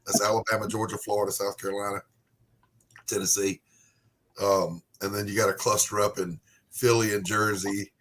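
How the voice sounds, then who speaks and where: A man hosting a casual live chat, talkative and quick to laugh. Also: on the low side, flat delivery, fairly bright tone. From Southern United States. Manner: chatty, laughs easily. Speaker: livestream host.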